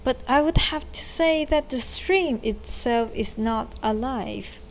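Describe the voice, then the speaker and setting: Woman putting on a high, curious little storybook character. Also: slow, a little hiss or hum. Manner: earnest, exclamatory, musing.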